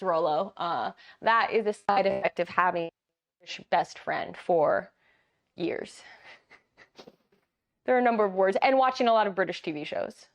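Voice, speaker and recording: A woman's voice: mid-range voice, gravelly. A woman chatting casually and giggling with her live chat as she plays a board game.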